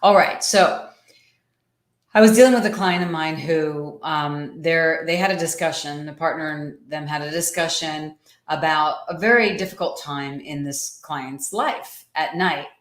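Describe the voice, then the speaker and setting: A woman's voice: low-pitched, measured pace. A woman hosting a casual livestream, chatting to viewers, greeting them by name and often repeating her words. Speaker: livestream host and coach. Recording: echoey room sound.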